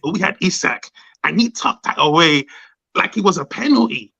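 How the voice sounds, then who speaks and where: A man chatting excitedly as a guest on a fan podcast, gushing and laughing as he talks. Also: sits high, creaky, husky, rough recording. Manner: animated, gushing, quick to laugh. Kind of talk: excited casual chat.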